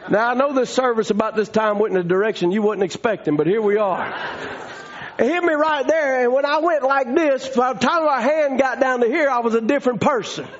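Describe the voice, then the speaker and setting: Man preaching, folksy storytelling, shouting fervor, high voice, muffled lo-fi audio. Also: fairly quick. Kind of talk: storytelling sermon. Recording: dull lo-fi sound.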